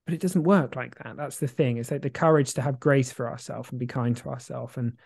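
A man's voice: medium pitch, steady tone, brisk, vocal fry, a little mellow, slightly rough, dry recording. A man co-hosting a podcast in casual chat, rambling and reflective with many fillers and restarts. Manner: swears casually, laughs easily. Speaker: podcast co-host.

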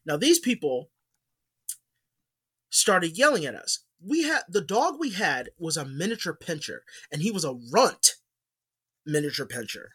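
A man's voice: on the high side, big pitch swings, measured pace, pauses often, fairly bright tone, slightly rough. A man telling a story in casual podcast chat, rambling with many fillers and restarts. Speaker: podcast co-host.

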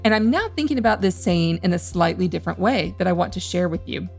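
Woman host reading her reflection, calm and thoughtful, faint music behind. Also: fairly low pitch, fast, gravelly. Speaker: podcast host. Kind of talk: scripted reflective commentary.

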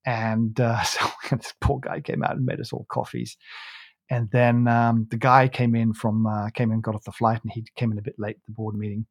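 A man's voice: fairly low pitch, level tone, moderate pace, breathy edge, no room sound, clean studio sound. A man hosting a coffee podcast, telling a long anecdote in a loose, rambling way with frequent restarts. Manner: rambling, many restarts, laughs while telling. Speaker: podcast host. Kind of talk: casual chat, storytelling.

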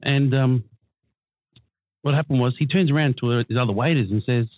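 A man's voice: medium pitch, normal speed, no room sound. A man telling an anecdote, acting out the lines of the people in it. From Australia. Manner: animated storyteller acting out other people's lines. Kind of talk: anecdote in casual chat. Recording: dry, phone-like sound.

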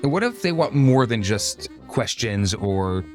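A man's voice: lowish voice, sing-song, a little slow, soft background music. A rabbi co-hosting a casual podcast, teasing his co-host and asking leading questions.

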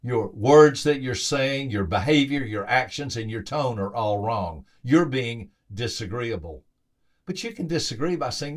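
A man's voice: medium pitch, a little slow. Male motivational podcast host, mid-range voice; emphatic storyteller who repeats phrases and livens up his quoted lines. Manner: acts out quoted voices with lively lifts.

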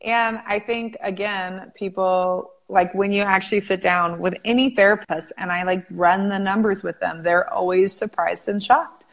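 A woman hosting an interview, telling stories in an animated way and often saying "like". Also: mid-range voice, moderate pace, hardly any pauses. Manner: animated storyteller, frequent "like". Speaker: interview host, practice coach. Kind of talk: casual interview chat.

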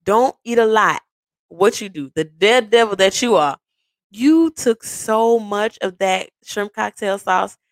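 A young woman tells a personal story to her partner in casual podcast style. Her mid-pitched voice keeps jumping into high, excited bursts. The recording is dry and close to the mic. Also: slow, dry recording. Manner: animated, laughing, swings into high excited bursts; casual, swears freely. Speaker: podcast host.

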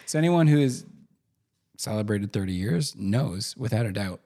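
A man's voice: fairly low pitch, animated, normal speed, creaky, mellow. A man co-hosting a podcast in casual chat, joking, laughing often and restarting his sentences. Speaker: podcast co-host.

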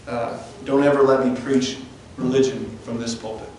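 With a slightly mellow, medium-pitched voice at a moderate, even pace, a man preaches as pastor in a church sanctuary. He is earnest but frequently trips over words and starts sentences again, heard through a distant mic in an echoey room with faint noise.

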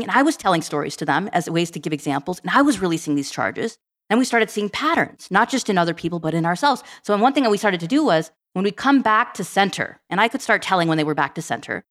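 A woman guest on a podcast, telling stories in a casual, animated way and acting out bits of dialogue. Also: lowish voice. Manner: animated, quick, acts out dialogue. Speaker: podcast guest, tech program director. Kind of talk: casual storytelling.

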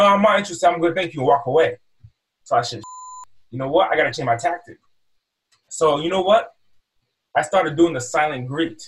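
A man's voice: on the high side, recorded from a distance, poor audio. A man telling a story about selling phones at a mall kiosk, casually, acting out his talks with customers. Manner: animated, acts out customer exchanges, repeats words.

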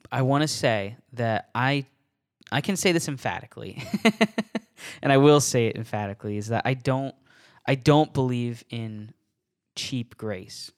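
A man talks through a solo podcast on faith in a relaxed, unscripted way. He chuckles between thoughts and trips over and repeats his words, while staying earnest about his points. His voice sits at an everyday middle pitch. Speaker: podcast host.

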